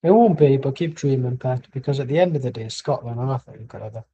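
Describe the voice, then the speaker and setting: Husky man riffing over a match. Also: mid-range voice, fast talker, dark tone, highs cut off. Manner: rambling, blunt, swears freely. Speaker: watchalong streamer. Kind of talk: casual live match commentary. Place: at home.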